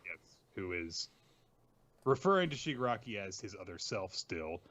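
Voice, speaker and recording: A man's voice: on the low side, big pitch swings, moderate pace, a bit bright, lo-fi sound. A man co-hosting a casual manga recap podcast, summing up chapters, quoting characters and laughing often. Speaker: podcast co-host.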